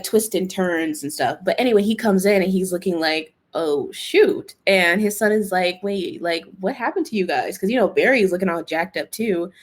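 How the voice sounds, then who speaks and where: Hosting a casual TV recap podcast, a woman with a lowish voice chats animatedly, exclaiming, laughing, and acting out the characters' lines. She leans on fillers like "like" and "you know" throughout.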